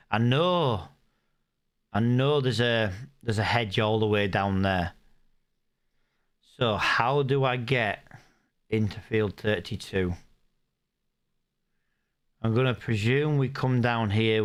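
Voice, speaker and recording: Playing a game live, a young man from the UK thinks out loud, chats with viewers and reads their messages aloud. His pitch is fairly low and his tone is clean.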